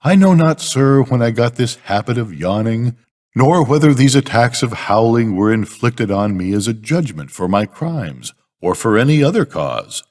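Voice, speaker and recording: A man's voice: medium pitch, big pitch swings, normal speed, darkish tone. An older man voicing a sly male thief who confides a tall tale.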